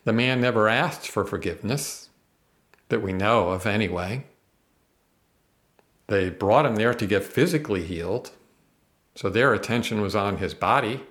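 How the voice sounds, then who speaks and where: A man's voice: on the low side, moderate pace, pauses often, fairly bright tone. A man teaching the Bible on a podcast, earnest and emphatic, reading verses aloud and explaining them.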